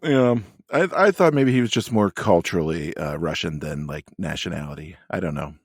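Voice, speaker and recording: A man's voice: low voice, animated, fairly quick, husky, dry recording. A man co-hosting a podcast in casual chat, rambling with dry humor. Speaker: podcast co-host.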